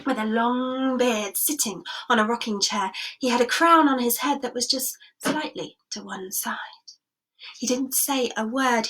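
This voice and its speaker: A woman's voice: a little high, a bit bright. A woman storyteller telling a sensory story expressively, dropping into whispers and inviting listeners to join in.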